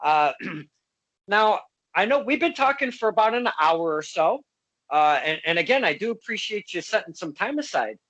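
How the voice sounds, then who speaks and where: A man with a high voice hosts a casual interview. He is relaxed and chummy, laughs often and pads his questions with fillers. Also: normal speed, muffled recording. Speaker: podcast host.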